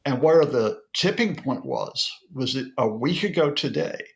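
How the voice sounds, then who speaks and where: A man speaking as a professor and guest analyst, his mid-range voice carrying a gravelly edge. He explains at length in a lecture-like way and lets a few fillers slip in. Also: medium pitch, lively intonation, measured pace. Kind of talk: broadcast interview.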